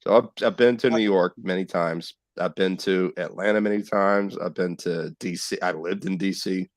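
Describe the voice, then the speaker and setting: A man hosting a casual livestream, ranting in an animated way. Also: sits low, moderate pace, dry recording, clean studio sound. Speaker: livestream host.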